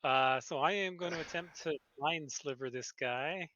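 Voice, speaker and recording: A man playing a tabletop game, deliberately describing his character's spells. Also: a little high, sharp tone, no echo, lo-fi sound. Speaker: player. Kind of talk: casual tabletop play.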